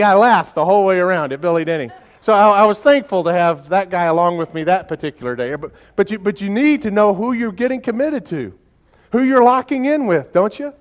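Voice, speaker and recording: A man delivering a sermon in a somewhat high voice. He talks in a folksy, conversational way, full of restarts. His storytelling swings from hushed and slow to loud and excited. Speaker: pastor.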